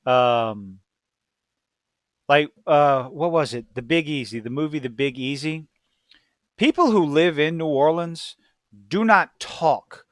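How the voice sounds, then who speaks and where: A man with a Cajun accent chats loosely and swears freely, wandering from one tangent to the next. His voice sits a little high for a man. The sound is dry and close, with no room echo. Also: animated, measured pace, pauses often. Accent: Louisiana Cajun. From Louisiana. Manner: profane, rambling, goes off on tangents. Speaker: podcast host. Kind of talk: casual chat.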